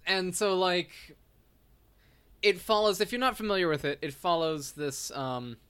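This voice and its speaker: A man co-hosting a casual movie chat, recapping the plot in a rambling way with many pauses and restarts. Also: sits high, fairly bright tone, smooth.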